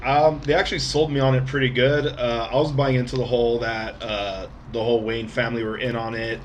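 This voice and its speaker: Man, podcast co-host, rapid talker, casual chat, faint hiss behind. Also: mid-range voice, little pitch movement, dull audio. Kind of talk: casual movie review chat.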